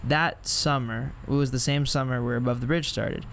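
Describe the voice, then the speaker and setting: A man's voice: medium pitch, steady tone, moderate pace, a bit bright, a little hiss or hum. Candid, reflective young male podcast host. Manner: reflective, candid, laughs at himself. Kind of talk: casual chat.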